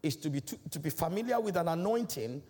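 Speaking fast, this man has a slightly mellow voice and lively intonation. He's an elder from Africa preaching in a large church, emphatic and declamatory, his pitch rising and falling in big swells.

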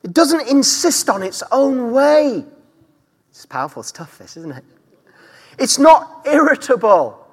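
High, lively-voiced preacher man in a hall. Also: takes it slowly. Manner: emphatic preaching with rising and falling delivery. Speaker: pastor. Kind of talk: sermon. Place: church. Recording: church hall reverb.

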